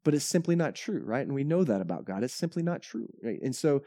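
Male pastor, conversational sermon delivery, mellow tone, dry close sound. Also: medium pitch, fast talker, dry recording. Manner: conversational, animated, frequent "right?" tags.

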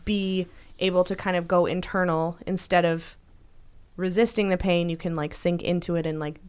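A woman's voice: fairly low pitch, steady tone, moderate pace, a little mellow, smooth. A woman co-hosting a podcast, talking earnestly and reassuringly with a partner, often restarting her thoughts. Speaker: podcast co-host, supporting partner. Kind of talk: casual chat.

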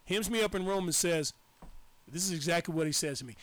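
A man's voice: fairly high pitch, fast. A man from Arkansas co-hosting a talk radio show, telling personal stories in an emphatic, candid way. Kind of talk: casual chat.

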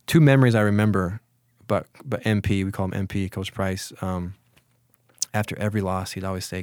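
A man in his forties, a former college football player, telling stories in a relaxed, reflective way during an interview, with many restarts. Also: deep voice, fairly quick, dry recording, clean studio sound. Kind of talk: casual storytelling in an interview.

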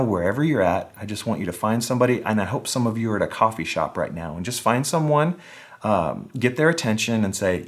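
A man preaching a casual, conversational sermon online, with wry humor, acting out the voices he quotes. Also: mid-range voice. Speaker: pastor.

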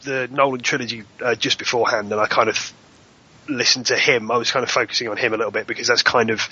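A man in his thirties talks quickly with a bright, husky edge. He is self-deprecating and restarts his sentences a lot. The sound is dry and a bit dull, like a cheap home mic. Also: mid-range voice, steady tone. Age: 30s. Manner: self-deprecating, repeats words when starting. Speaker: voice actor guest. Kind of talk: casual podcast chat.

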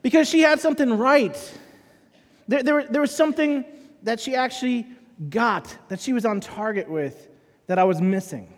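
A man's voice: extremely high pitch, moderate pace. A man preaching a sermon as pastor, telling stories and acting out the dialogue in them. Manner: animated storytelling, acts out dialogue. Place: church auditorium. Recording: long hall reverb.

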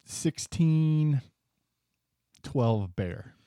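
A man co-hosting a casual sports talk show, laid-back and quick to agree. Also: fairly high pitch, lively intonation, dark tone, dry recording, studio quality.

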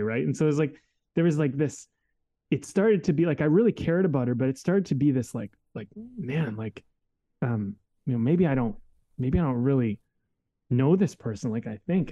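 A man's voice: medium pitch, warm tone. A man telling a personal story in a casual, reflective way, candid and full of fillers and restarts.

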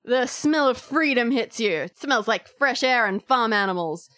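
A woman's voice: on the high side, expressive, moderate pace, fairly bright tone, no room sound. A woman narrating a tabletop game as game master, in a descriptive, playful way.

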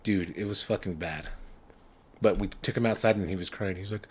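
Young man, low-ish voice, casual podcast chat, profane, animated storyteller. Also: a little fast, husky. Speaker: podcast co-host.

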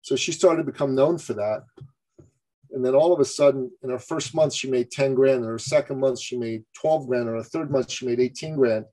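A man from Canada recounts a personal story as a guest on a business podcast. He is an animated storyteller who slips into the voices of the people he quotes. The sound is dry and close, with no room around it. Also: mid-range voice, a little fast, no room sound.

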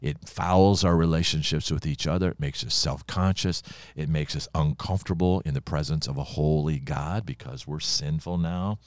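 Very deep-voiced older male preacher. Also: normal speed, no room sound. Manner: folksy, storytelling preacher with personal anecdotes. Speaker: pastor. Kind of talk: conversational Bible-teaching podcast.

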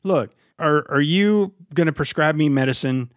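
A man's voice: a little high, moderate pace, no room sound, studio quality. A man co-hosting a casual podcast chat, ranting with heavy swearing and mock indignation. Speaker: podcast co-host.

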